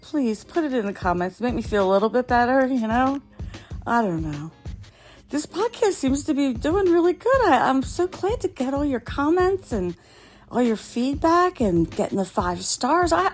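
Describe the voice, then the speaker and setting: A woman hosting a podcast, telling embarrassing stories in a casual monologue, often laughing, her voice jumping high when she gets excited. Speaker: podcast host.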